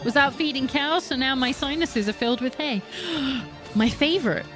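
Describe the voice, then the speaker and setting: A woman's voice: high-pitched, moderate pace. A young woman streaming a video game, chatting casually with viewers, swearing and laughing as she plays. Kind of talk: casual live-stream chat while gaming. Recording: music playing behind.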